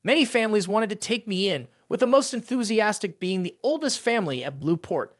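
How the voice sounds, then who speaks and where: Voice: medium pitch, animated, brisk, no room sound, clean studio sound, close to an everyday voice. A narrator voicing a scheming man who is a boy's traitorous uncle, speaking coldly and sneeringly in a recap narration. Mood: cold bitter. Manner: cold, sneering.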